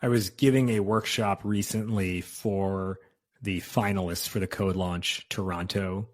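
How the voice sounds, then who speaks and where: A man's voice: sits low, fairly even intonation, a little slow. A man hosting a podcast, talking in a casual, conversational way. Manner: casual, conversational, uses fillers like "like". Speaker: podcast host. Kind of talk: podcast interview.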